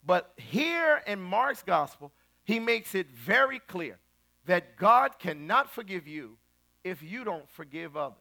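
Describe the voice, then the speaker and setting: A man preaching a sermon in a colloquial, emphatic style, rising to loud repeated lines. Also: high-pitched, big pitch swings, a little slow, gravelly. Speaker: pastor.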